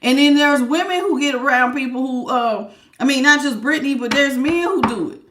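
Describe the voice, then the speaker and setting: A woman with gives a loose, joking tarot reading, full of slang and quick laughs. Her voice sits a little high and comes across bright and forceful. The room around her adds a clear echo. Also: a little hiss or hum. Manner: animated, laughing, slangy and blunt. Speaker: tarot reader. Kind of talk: casual spiritual reading.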